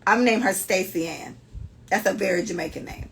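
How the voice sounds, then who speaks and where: Woman host with a gravelly, fried edge, blunt and profane, casual podcast storytelling. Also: mid-range voice, fast talker. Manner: blunt and profane, animated commentary. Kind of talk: casual podcast chat, reading listener stories aloud.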